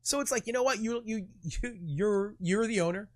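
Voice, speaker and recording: A man co-hosting a casual podcast, talking in an animated, profane way and acting out quoted trash talk. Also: high voice, normal speed. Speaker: podcast co-host. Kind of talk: casual chat.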